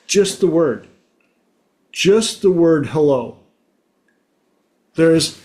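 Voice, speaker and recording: A man hosting a relaxed talk show, spinning anecdotes and playfully mimicking the people in them. His voice sits a little high for a man, and he takes his time, stretching out his words. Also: extremely slow, long pauses. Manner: animated storyteller, acts out voices in anecdotes. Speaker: host. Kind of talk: casual group talk.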